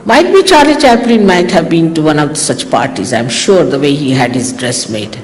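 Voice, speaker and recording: Speaking low and at a moderate pace, an older woman with an Indian accent teases her followers in a relaxed talk as their spiritual teacher. She stays animated throughout, acting out quoted conversations. Faint hiss and hall echo mark this old archive tape.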